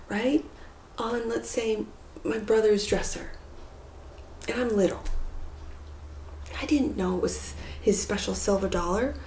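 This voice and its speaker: Woman tarot reader, warm low-key tone, earnest and rambling, echoey room. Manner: earnest, rambling, drops into soft whispers. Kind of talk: spiritual tarot reading monologue. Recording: echoey room with faint noise.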